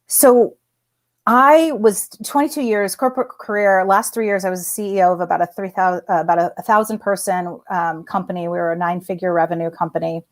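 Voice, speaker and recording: A woman in her forties who used to be an executive tells a personal story as a guest, speaking in an animated, conversational way full of fillers and restarts. Her voice sits fairly low.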